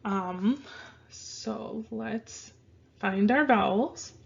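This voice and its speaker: In a relaxed online class, a Spanish teacher speaks at a medium pitch with a creaky, gravelly quality. She takes her time and says every word over and over for pronunciation practice, and the sound is muffled and low-fidelity.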